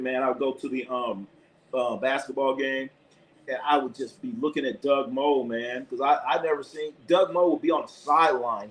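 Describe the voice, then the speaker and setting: Excitable man calling a game live. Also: mid-range voice, a little hiss or hum, rough recording. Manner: excitable, shouts at players, casual swearing. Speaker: sports streamer and live commentator. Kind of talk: live play-by-play commentary and casual sports chat.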